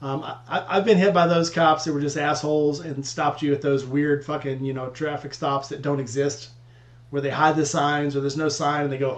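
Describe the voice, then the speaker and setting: A man's voice: on the high side, little pitch movement, moderate pace, reverberant. A man telling profane, laid-back road stories in casual chat with friends. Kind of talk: casual storytelling among friends.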